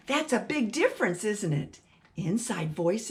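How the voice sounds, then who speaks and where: Animated woman reading to kids. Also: medium pitch, a little slow. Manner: animated, rhyming read-aloud with questions to kids. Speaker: children's storytime host. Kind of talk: reading a picture book aloud to children.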